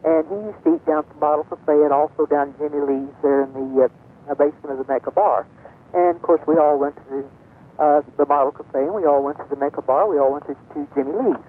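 An older woman, a guest on a radio show, telling a rambling story with many pauses and fillers. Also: low voice, fairly even intonation, breathy edge. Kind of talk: reminiscing on a call-in radio show. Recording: tinny phone-line sound.

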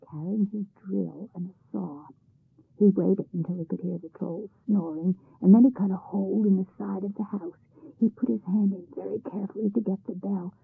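Husky woman reading a folk tale. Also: medium pitch. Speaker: storyteller. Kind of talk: scripted narration of a folk tale. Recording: tinny phone-like band-limited sound.

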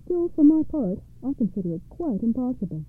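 A woman voicing a sly, smooth-talking male cat who speaks politely and coaxingly. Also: sits high, big pitch swings, fairly quick, no echo. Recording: tinny phone-like radio sound.

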